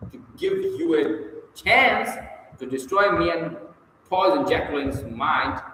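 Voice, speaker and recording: A man's voice: fairly high pitch, fairly bright tone. A man voicing an angry man who accuses a rival, speaking indignantly in a very echoey room. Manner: indignant, reproachful. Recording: very echoey room, long reverb, faint hiss.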